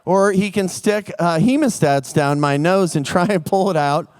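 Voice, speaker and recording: A man telling a true comic story live on stage, animated and acting out the scenes. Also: high voice, normal speed, no room sound.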